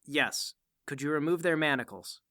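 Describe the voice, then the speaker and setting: A courteous soldier makes a formal request, as a man plays him in a tabletop game. His voice is bright and clear. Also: a little high, moderate pace. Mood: businesslike. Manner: deferential and businesslike. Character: polite male soldier escort.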